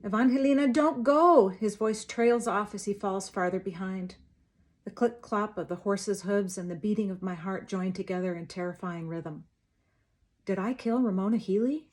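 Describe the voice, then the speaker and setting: A woman author reading the first chapter of her novel in an expressive, dramatic voice. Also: mid-range voice, normal speed. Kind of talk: first-person book reading, then casual talk to viewers.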